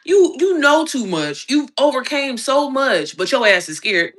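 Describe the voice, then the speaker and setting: A woman's voice: expressive, fairly quick, hardly any pauses, fairly bright tone. A young adult woman from Indianapolis, Indiana, giving a blunt, profane, fired-up livestream pep talk as an online business coach. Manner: slides into high squeaky voices when mimicking others. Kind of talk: casual livestream rant.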